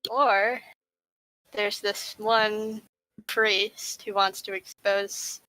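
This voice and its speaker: A woman's voice: mid-range voice, level tone, drawn-out words, bright, forceful tone, no echo, rough recording. A woman playing a tabletop role-playing game, chatting casually and laughing easily with the group. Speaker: player.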